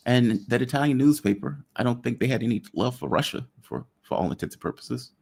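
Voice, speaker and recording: A man hosts a loose political talk show with a gravelly, slightly husky voice. He talks bluntly and throws in joking asides. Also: medium pitch, lively intonation, brisk, few pauses, a little mellow. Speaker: show host.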